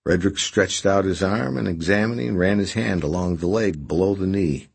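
A man reading a novel aloud as an audiobook narrator, in expressive storytelling. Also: sits low, normal speed, gravelly, few pauses, slightly rough. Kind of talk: scripted narration.

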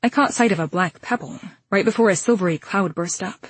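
A woman narrating a first-person fantasy audiobook, brisk and dramatic. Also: medium pitch, husky, no echo. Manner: brisk and dramatic, sharp outbursts in action.

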